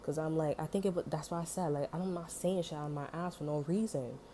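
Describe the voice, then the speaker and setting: Her low, warm voice moves at a quick pace as she tells a heated, casual story full of profanity. "You know" and "like" crop up constantly, over a little hiss or hum.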